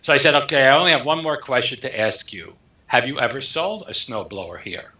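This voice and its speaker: Brief: male author guest, bright tone, lively storyteller who acts out dialogue, echoey and dull recording. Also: mid-range voice, a little fast. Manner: animated storyteller acting out dialogue. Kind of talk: storytelling interview.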